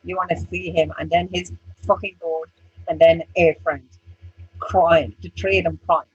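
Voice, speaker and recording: A woman with an Irish accent co-hosting a casual chat show, telling stories in a blunt, profane and animated way. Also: fairly low pitch, normal speed, slightly rough, dull audio. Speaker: co-host.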